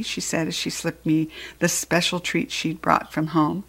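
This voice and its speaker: A woman narrating a children's audiobook in an expressive, playful first-person storytelling manner. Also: lowish voice, normal speed, hardly any pauses.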